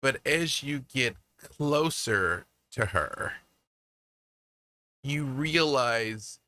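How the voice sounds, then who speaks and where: Animated male game master. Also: medium pitch, very slow. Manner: descriptive, animated narration with fillers. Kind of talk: narrating a tabletop game.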